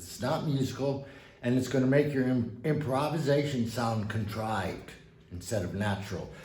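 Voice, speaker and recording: A man giving a casual piano lesson, relaxed and encouraging, with folksy asides as he plays. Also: mid-range voice, a little hiss or hum. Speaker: piano teacher. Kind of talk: casual instructional talk at the piano. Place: room with a piano. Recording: roomy sound with piano under the voice.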